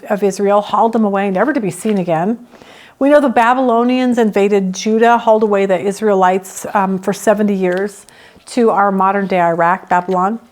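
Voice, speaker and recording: A woman teaching a Bible study in a slightly high voice. She reads scripture aloud and breaks into lively acted-out complaints, with her voice climbing as she speaks the psalmist's words. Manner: expressive, acts out the psalmist's complaints with rising pitch.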